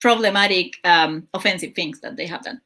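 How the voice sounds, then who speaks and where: A woman's voice: fairly low pitch, brisk, pushed and bright. A woman hosting her show, casually recapping a telenovela in a chatty, exasperated way with lots of fillers. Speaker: show host.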